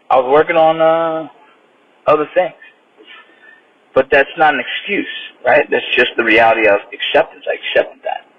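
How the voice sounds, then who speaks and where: A man's voice: mid-range voice, breathy edge. A man hosting his own podcast, giving a blunt, frustrated motivational rant full of swearing. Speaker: podcast host. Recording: slightly dull sound with faint noise.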